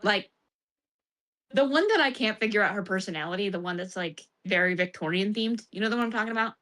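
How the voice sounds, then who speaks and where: A woman's voice: mid-range voice, fast, fairly bright tone. A woman streamer chatting casually about a game, laughing often and acting out the characters' lines in bursts.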